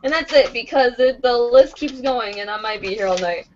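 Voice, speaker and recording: Chatty high-voiced woman podcast host. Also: moderate pace, a little mellow, slight background noise. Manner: chatty, stumbling over place names, laughing and swearing. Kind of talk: casual podcast chat reading convention listings. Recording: dull lo-fi podcast audio.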